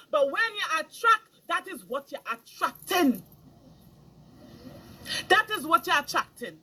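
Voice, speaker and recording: A woman's voice: very high-pitched, expressive, unhurried, long pauses, bright, forceful tone. A middle-aged woman, delivering an impassioned moral lecture as a spiritual speaker, scolding and emphatic, repeating her phrases for weight.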